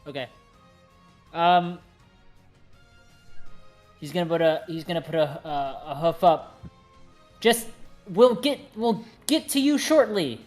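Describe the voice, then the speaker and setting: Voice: medium pitch, lively intonation, slow pace, pauses often, darkish tone, faint music behind. A player in a tabletop game, speaking hesitantly with many fillers.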